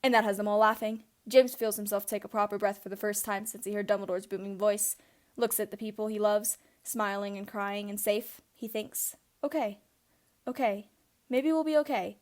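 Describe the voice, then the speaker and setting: A woman reading a fan story aloud with gentle expression. She narrates steadily at a middling pitch and slips small voices into the dialogue. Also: fairly quick. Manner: gently expressive, shifting for each character. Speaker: fanfiction reader.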